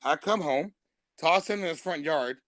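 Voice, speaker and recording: Male stand-up, lively storyteller, slightly high voice, dry close sound. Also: normal speed, no echo. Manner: animated, laughs through his punchlines. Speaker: stand-up comedian guest. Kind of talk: comic storytelling on a live stream.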